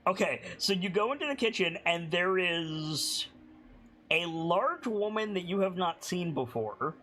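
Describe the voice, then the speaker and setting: A man narrating a tabletop game as game master, chatty and halting, with frequent swearing and laughter. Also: sits high, animated, sharp tone, slight background noise.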